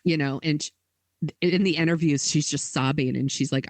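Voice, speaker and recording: A woman's voice: low-pitched, steady tone, moderate pace, dry recording. A woman co-hosting a podcast, telling a story in casual chat with lots of "like" and quoted dialogue. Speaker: podcast co-host.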